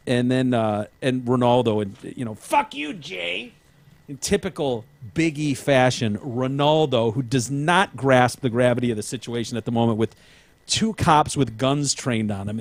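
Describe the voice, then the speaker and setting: A man's voice: mid-range voice, moderate pace, no echo. A man hosting a podcast in casual chat, rambling and hedging with plenty of ums. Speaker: podcast host.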